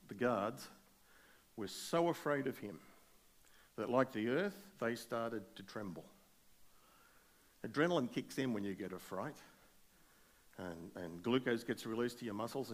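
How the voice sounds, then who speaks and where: A male pastor preaching a sermon, retelling a scripture story with animated, speculative asides. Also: lowish voice.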